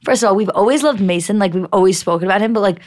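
A woman's voice: medium pitch, very fast, darkish tone. A young adult woman co-hosting a podcast, chatting enthusiastically and swearing casually. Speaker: podcast co-host. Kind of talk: casual chat recapping a reality show.

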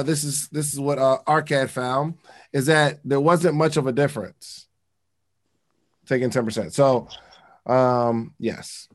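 Casual, slangy man with a higher voice. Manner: reads passages aloud, then breaks in with slangy comments. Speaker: host reading and explaining a book. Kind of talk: casual teaching talk.

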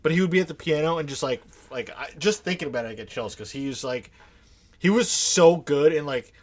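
A man's voice: a little high, brisk. A young man co-hosting a podcast in a laid-back casual chat, full of filler words. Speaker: podcast co-host.

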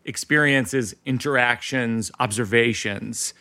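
A man's voice: medium pitch, slow, sharp tone, dry recording. A man hosting a comedy podcast, talking loosely and jokingly, also reading ads in a casual way. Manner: loose, joking, riffs on his own radio voice. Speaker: podcast host.

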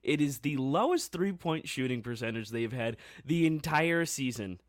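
A man co-hosting a sports podcast, telling a game story in a casual, excitable way with lots of fillers. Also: mid-range voice, moderate pace, dry recording, clean studio sound.

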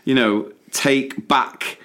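A man's voice: mid-range voice, steady tone, extremely slow, pushed and bright. A man co-hosting a casual podcast, chatting animatedly, venting and laughing often. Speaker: podcast co-host, primary teacher.

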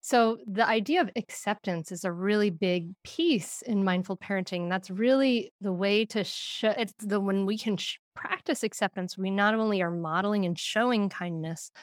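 A woman's voice: medium pitch, normal speed, hardly any pauses, no echo, studio quality. Earnest woman explaining parenting ideas. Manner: earnest, explanatory, gentle teaching tone. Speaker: parenting guest expert. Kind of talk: interview answers.

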